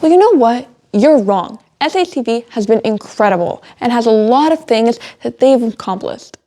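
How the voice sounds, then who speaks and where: A woman's voice: a little high, animated, normal speed, warm tone. A teenage girl hosting a student school show, giggling and flustered as she keeps slipping on her lines in outtakes. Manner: giggly, flustered by slip-ups.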